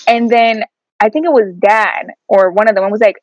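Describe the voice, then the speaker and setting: A woman's voice: medium pitch, normal speed, dull audio. A woman co-hosting a podcast, telling family stories in casual chat and laughing often. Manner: laughs often, animated storytelling. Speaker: podcast co-host.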